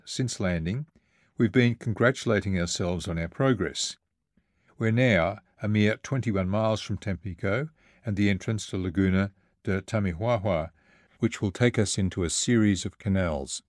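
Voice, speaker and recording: A man reading a first-person travel memoir aloud, in a measured and vivid storytelling manner. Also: fairly low pitch, no room sound, studio quality. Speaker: narrator. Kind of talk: first-person audiobook narration.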